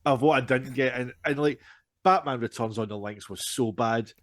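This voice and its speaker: A man, telling a lively, self-deprecating story on a casual podcast. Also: medium pitch, moderate pace, dry recording. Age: 40s. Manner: animated, self-deprecating, frequent restarts and laughter. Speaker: podcast co-host.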